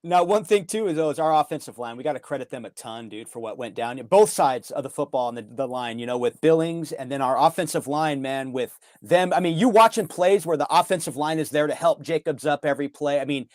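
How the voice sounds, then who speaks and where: A man's voice: on the high side, fairly quick, hardly any pauses, a little mellow, no echo. A man co-hosting a casual sports talk show, rambling with lots of fillers. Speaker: co-host. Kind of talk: casual sports podcast chat.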